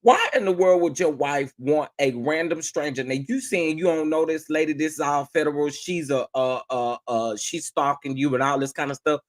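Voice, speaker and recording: A man's voice: a little high, normal speed, hardly any pauses. A man hosting a reaction commentary, talking back at a played call, incredulous and exclaiming, repeating lines for emphasis. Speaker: commentary vlogger.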